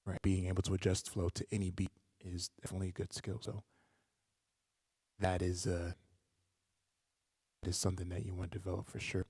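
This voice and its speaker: A rapper hosting a live stream, casually answering viewer questions and explaining rap technique with many "like" fillers. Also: male voice, completely flat delivery, fairly quick, long pauses, darkish tone, no room sound, studio quality, in a large hall. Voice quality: gravelly low voice. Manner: loose, conversational, many "like" fillers.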